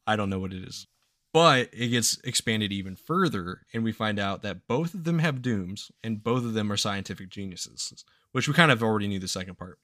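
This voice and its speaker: A man recapping a story on a casual podcast, swearing freely and laughing between lines. His voice sits low but has a bright, forceful edge. The sound is close and dry. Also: a little fast, no room sound. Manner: profane, laughing, animated retelling with quoted voices. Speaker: podcast host recapping a game.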